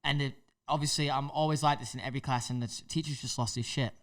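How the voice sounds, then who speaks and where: An Englishman in his twenties co-hosting a casual podcast, telling a story with laughter and animated energy. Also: medium pitch, fast talker. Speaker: podcast co-host. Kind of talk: casual chat. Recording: voice a little off-mic.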